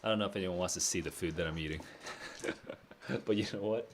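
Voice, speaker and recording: Low-voiced man chatting casually on stream. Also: fairly quick, a little hiss or hum. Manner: laid-back, rambling, with frequent fillers and laughs. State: low on energy. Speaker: streamer answering viewer questions. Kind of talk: casual live-stream chat.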